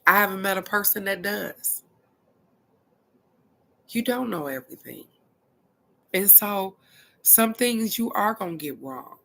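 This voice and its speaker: A woman's voice: medium pitch, a little slow, vocal fry, pauses often. A middle-aged woman, giving a casual, blunt spiritual card reading and cussing freely. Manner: blunt and animated, cusses freely.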